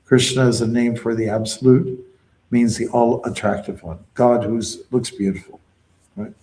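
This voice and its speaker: Man, devotional teacher, gravelly voice, patient explanations, call-and-response chanting. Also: medium pitch, fairly even intonation, moderate pace, dark tone, rough recording. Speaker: devotional teacher leading kirtan.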